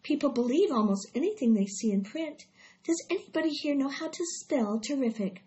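A wise female barn spider speaks calmly and precisely, as a woman reads her aloud. She sounds fairly high and in charge. The recording is dull and lo-fi. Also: a little fast. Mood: firm.

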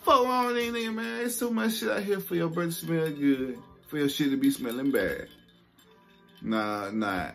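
A young man telling a casual story to camera, animated and profane, acting out what people said. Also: fairly high pitch, normal speed, gravelly, soft background music. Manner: animated, profane, acts out quotes.

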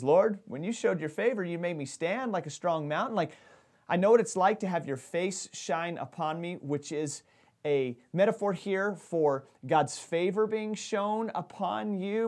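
A man preaching a sermon as pastor, talking animatedly and often restarting his phrases. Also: sits high.

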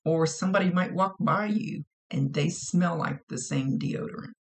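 A woman's voice: low-pitched, moderate pace. A woman working as a psychic medium who gives a casual reading, relaying messages and direct advice and often repeating her phrases.

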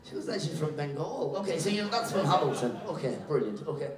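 A man doing live stand-up crowd work, teasing the audience with brisk, playful banter and repeating his own catchphrases. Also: fairly high pitch, expressive, very noisy. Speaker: stand-up comedian. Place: live comedy venue on stage. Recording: echoey live room, mic at a distance.

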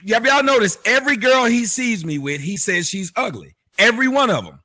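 A male host comments on a clip he replays, mocking and joking, now and then stretching words into sing-song. His pitch sits high and swings all over, and his tone is bright and forceful. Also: expressive, brisk. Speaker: show host. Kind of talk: mocking commentary on played clips.

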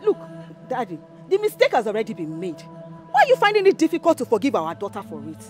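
A pleading village mother. She keeps pressing her husband with questions, her voice swinging widely in pitch. Faint music plays behind. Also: wildly swooping pitch, quick pace.

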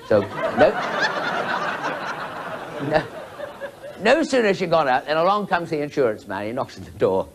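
A man's voice: medium pitch, animated, brisk, pauses often. Rambling man telling a joke. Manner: rambling, self-interrupting storyteller.

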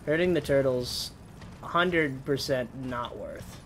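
A young man giving casual, rambling gameplay commentary, swearing and breaking into sudden loud yells. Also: mid-range voice, animated, takes it slowly, slight background noise. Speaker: gaming streamer.

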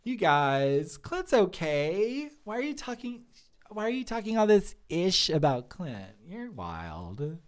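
A man's voice: high voice, sing-song, slow, exaggerated voice. Man doing a chatty young waitress, giggly and rambling, voice bouncing up and down a lot. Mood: bubbly. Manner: rambling, giggly, lots of "like" fillers. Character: chatty young woman restaurant lead server, bubbly. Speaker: live-stream comedy host in character. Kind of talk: improvised character comedy.

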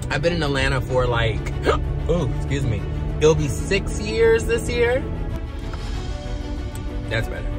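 A man vlogging in casual chat from his parked car, excitable and full of slang, with the hiccups. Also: medium pitch. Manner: excitable slang-heavy talk with many restarts.

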